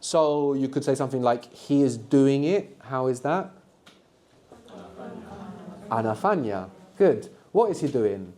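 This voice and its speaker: A man's voice: mid-range voice, expressive, measured pace, long pauses, mellow. A man teaching a live language workshop to university students, patiently prompting them with questions and answers. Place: lecture room at a university.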